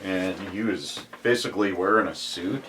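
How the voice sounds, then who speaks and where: A middle-aged man chatting casually and showing off his collection in a record shop, relaxed and chuckling now and then. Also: low voice, distant mic, a little hiss or hum. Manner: relaxed, unhurried, chuckles while recalling. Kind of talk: casual chat.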